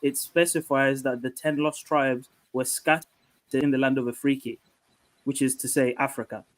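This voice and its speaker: A man's voice: medium pitch, steady tone, normal speed, no room sound, low-quality recording. A man on a live panel, lecturing and citing religious texts in a debate. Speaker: panel guest.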